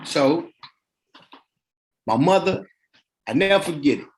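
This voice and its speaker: Lively, colloquial middle-aged man telling stories. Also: fairly high pitch, slow, a little hiss or hum. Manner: animated, acts out the people in his story; colloquial, relaxed street talk. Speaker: podcast guest. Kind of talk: casual personal storytelling.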